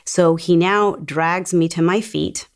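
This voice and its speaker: A woman who survived an attack, calmly telling her story as personal testimony. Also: fairly low pitch, smooth. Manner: calm, measured storytelling.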